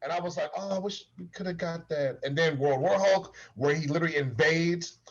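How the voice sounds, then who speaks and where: Casual co-host, male, slightly high husky voice, animated and slangy, dull lo-fi audio. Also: a little fast. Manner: animated, laughing, slangy retelling. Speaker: podcast co-host. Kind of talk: casual chat. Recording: dull lo-fi sound.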